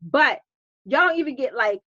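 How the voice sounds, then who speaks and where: A woman coach hosting a casual live stream, chatty and animated, greeting viewers by name. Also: high-pitched, normal speed, no room sound, highs cut off.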